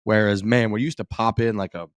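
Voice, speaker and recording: Laid-back low-voiced man, dry mic. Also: steady tone, brisk, smooth, no room sound. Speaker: podcast host. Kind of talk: casual chat and show intro.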